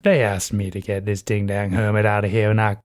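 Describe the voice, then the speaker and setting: A man's voice: lowish voice, level tone, brisk, no echo, studio quality, voice pushed down, lightly acted. A man voicing a worried, evasive small-town male sheriff with a folksy drawl and homespun slang. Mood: confiding.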